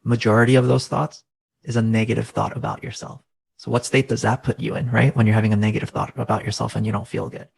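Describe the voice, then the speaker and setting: A man's voice: fairly low pitch, little pitch movement, quick pace, creaky, slightly rough, low-quality recording. A man in his thirties, a guest coach in a conversational interview, speaking in an earnest, reflective way and often checking in with "right?".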